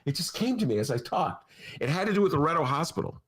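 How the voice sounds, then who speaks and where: A man's voice: a little high, very animated, fast talker, breathy edge. A man hosting a podcast in casual chat, rambling through tangents with a self-mocking storyteller's manner. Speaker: podcast host.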